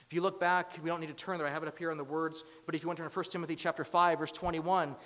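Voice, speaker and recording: Man, pastor, sermon, emphatic, loud-to-hushed swings, long church reverb. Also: a little high, flat delivery, racing. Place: church sanctuary.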